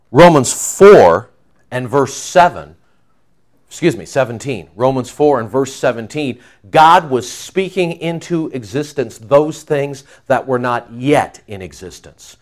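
Animated man preaching a sermon. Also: mid-range voice. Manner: conversational, emphatic preaching with asides. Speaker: pastor.

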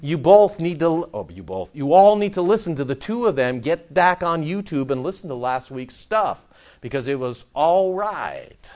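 A man preaching a sermon as pastor, animated and sarcastic, firing rhetorical questions at the congregation. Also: on the high side, normal speed, few pauses, lo-fi sound.

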